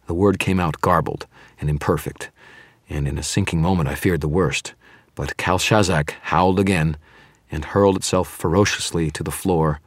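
A man narrating a first-person fantasy audiobook in a measured, dramatic storytelling manner. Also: deep voice, fairly even intonation, dry recording, studio quality.

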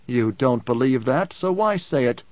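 A man voicing a calm, cryptic male advisor who lectures in a measured, composed way, in an audiobook. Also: medium pitch, no room sound, lightly acted. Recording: dull dry close recording.

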